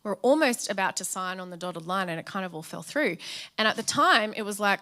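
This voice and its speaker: A woman's voice: mid-range voice, animated, a little fast, pushed and bright. An Australian woman in her thirties telling her testimony in church, chatty and storytelling, acting out quotes and laughing along. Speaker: church speaker sharing a testimony. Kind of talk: sermon testimony.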